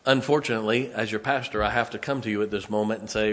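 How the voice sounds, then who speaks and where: A man in his fifties, a pastor preaching a sermon, telling a personal story and dropping to a hushed, emotional tone. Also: lowish voice, steady tone, quick pace.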